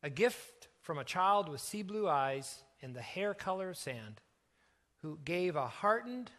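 A middle-aged man preaching in a slightly raised voice. He tells a story in an earnest way and draws down softly at its tender moments. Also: high-pitched, sing-song. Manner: earnest, slows and softens for emotional moments. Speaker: pastor. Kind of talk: sermon storytelling.

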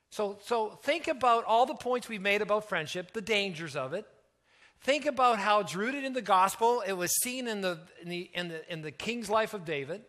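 A middle-aged man preaching in a slightly raised voice. He tells a story in an earnest way and draws down softly at its tender moments. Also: high-pitched. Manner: earnest, slows and softens for emotional moments. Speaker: pastor. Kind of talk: sermon storytelling.

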